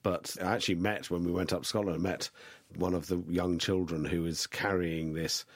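A man being interviewed, speaking in a dry, wry and measured way about his late father. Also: low-pitched, steady tone, no room sound. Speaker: interview guest. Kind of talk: reflective interview talk.

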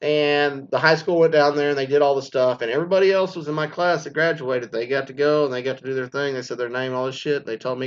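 A man's voice: medium pitch, fairly even intonation, quick pace, hardly any pauses. Crude ranting middle-aged man from Texas. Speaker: former teacher. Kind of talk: profane monologue. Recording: slightly dull lo-fi sound.

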